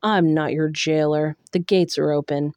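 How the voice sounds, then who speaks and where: A woman reading aloud voicing a bitter, masked male fae lord who speaks with a low growl. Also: steady tone, a little slow, darkish tone, smooth, no room sound, studio quality.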